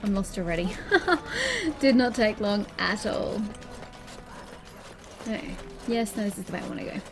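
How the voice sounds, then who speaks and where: A woman's voice: mid-range voice, very animated, normal speed, gravelly. A woman giving chatty, sarcastic let's-play commentary over a game. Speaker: gaming streamer.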